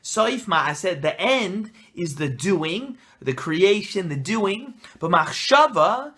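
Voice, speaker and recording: A man's voice: high voice, big pitch swings, slow, sharp tone. A young man, a rabbi and coach, talking casually and enthusiastically into his phone camera with pep-talk energy. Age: young adult. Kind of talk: casual self-recorded video answer.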